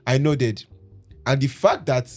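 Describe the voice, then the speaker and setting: A Nigerian podcast host reads a story aloud in a mid-range voice, his intonation fairly even and his pace a little slow. His delivery is dramatic, yet he keeps breaking off to joke and laugh with co-hosts in a relaxed exchange.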